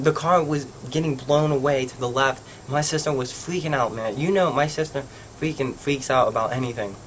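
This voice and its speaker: Young male vlogger, casual rambling storyteller, middle pitch, faint hum behind. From Pennsylvania. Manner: rambling, heavy use of "like".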